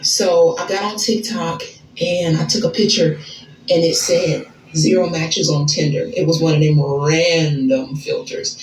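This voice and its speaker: Animated, slangy American woman. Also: deep voice, a little slow, roomy sound, slight background noise, poor audio. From United States. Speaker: storyteller in a social media clip. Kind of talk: casual storytime.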